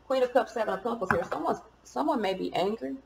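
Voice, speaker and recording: A woman's voice: fairly high pitch, animated, fast talker, vocal fry, reverberant, slight background noise, rough recording. A woman giving a casual tarot reading, chatty and informal, cursing now and then. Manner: chatty, swears and laughs at herself. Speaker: tarot reader.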